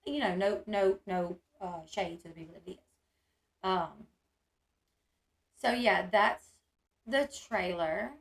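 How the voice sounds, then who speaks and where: A woman's voice: medium pitch, slow, gravelly, long pauses. A woman, chatting casually on a livestream and reading her chat aloud, with lots of "like" and "um". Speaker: streamer.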